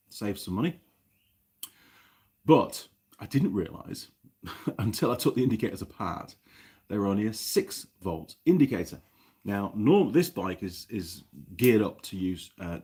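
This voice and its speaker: A man's voice: lowish voice, mellow, slightly rough. A middle-aged man with a New Zealand accent, chatting casually on a live stream from his workshop and reading viewer comments aloud as he rambles. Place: home workshop.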